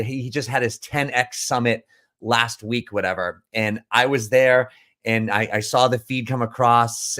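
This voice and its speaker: Brief: a man at a mid-range pitch, speaking as a business coach in a casual talk, rambling and emphatic with frequent restarts. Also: a bit bright. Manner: rambling, with many restarts and repeated words; emphatic and earnest. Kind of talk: casual storytelling monologue.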